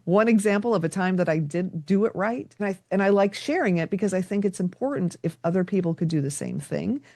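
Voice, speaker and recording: A woman's voice: fairly low pitch, animated, fairly quick, darkish tone, dry recording, clean studio sound. A middle-aged woman, a podcast guest, talking reflectively and telling stories with quoted dialogue. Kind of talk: conversational interview.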